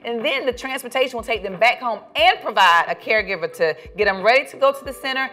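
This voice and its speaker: A woman's voice: fairly high pitch, lively intonation, quick pace, bright, forceful tone. A middle-aged woman, a social worker, explaining care services in an interview with emphatic, punchy stress on key words. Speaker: gerontology social worker and dementia educator. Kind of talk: expert explaining in a podcast interview.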